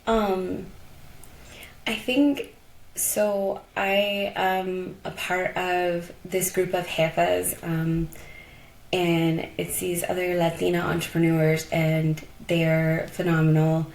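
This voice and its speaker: Gravelly-voiced woman, reflective and heartfelt. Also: fairly low pitch, little pitch movement, slow pace, a little mellow, slight background noise. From Colorado. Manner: reflective, heartfelt, many "like" and "you know" fillers. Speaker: guest. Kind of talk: casual conversational storytelling. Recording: echoey room.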